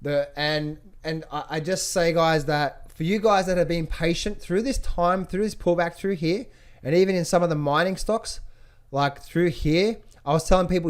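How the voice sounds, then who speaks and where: A middle-aged man giving casual market commentary as a trading educator, animated, often slipping into high mock voices of panicking traders. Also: normal speed, clean tone. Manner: frequent fillers and restarts, addresses viewers as guys.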